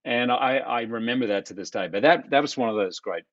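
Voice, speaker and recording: A man, animated as he tells personal stories in a podcast interview. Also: medium pitch, a little fast, no echo, highs cut off. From Australia. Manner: animated, acts out quoted voices of others. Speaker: guest. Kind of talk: reflective storytelling in conversation.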